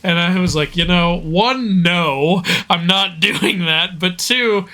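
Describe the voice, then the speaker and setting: A man's voice: sits high, takes it slowly, sharp tone. A young man chatting casually while gaming, joking, laughing a lot and acting out little quotes. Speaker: streamer and host.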